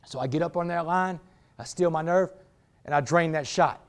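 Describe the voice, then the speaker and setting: A man with a high-pitched voice delivers a motivational talk to a football team. He tells his story in an animated, streetwise manner, often calling the listeners "man" and "y'all.". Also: normal speed, clean tone. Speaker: motivational speaker. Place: indoors, speaking to a football team.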